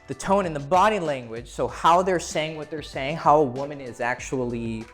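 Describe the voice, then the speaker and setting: A man's voice: on the high side, moderate pace, fairly bright tone, faint music behind. A man giving casual, blunt dating advice to camera, swearing freely and acting out what people say. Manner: blunt and profane, acting out quoted voices.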